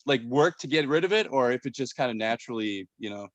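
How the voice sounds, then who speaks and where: A man's voice: medium pitch, lively intonation, fast talker, no room sound, muffled recording. Rambling forties man from Minnesota. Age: 40s. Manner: rambling, many restarts. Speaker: podcast host. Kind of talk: casual chat.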